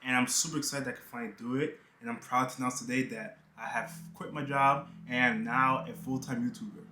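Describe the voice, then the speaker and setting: A young New York man, a YouTuber, chats casually in a vlog, joking and dropping "you know" asides, from a half-unpacked room full of boxes and bags. His mid-range voice holds a steady tone at a quick pace. The sound is reverberant with a noisy background.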